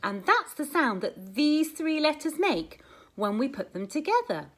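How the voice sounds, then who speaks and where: A woman teaching a phonics lesson to young children, sounding out letters slowly in a sing-song, exaggerated way. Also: high voice, very animated.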